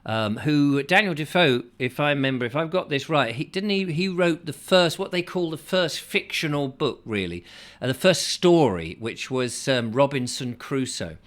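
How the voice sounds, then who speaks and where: A man's voice: a little high, expressive, moderate pace, a bit bright. An English man hosting his own video, telling a history story in a rambling, digressive way, full of fillers and chatty asides to his viewers. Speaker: host. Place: home studio.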